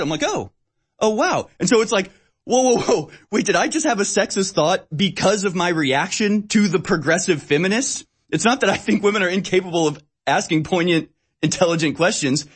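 A man speaking in a rather high voice, rambling through a casual conversation. He often drops into mocking voices to act out what other people say, then carries on in his own. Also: a little fast, husky.

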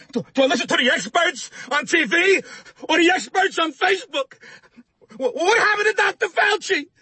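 A man playing a panicky, germ-terrified New Yorker in a comedy parody, rambling and swinging between panic and self-calming. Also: very high-pitched, dry recording. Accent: New York.

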